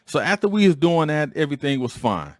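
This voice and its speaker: A man in his forties hosting a podcast, telling a story in a casual, slangy way and acting out quoted lines in a higher voice. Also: very animated, a little fast, no room sound, studio quality. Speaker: podcast host. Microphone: studio microphone.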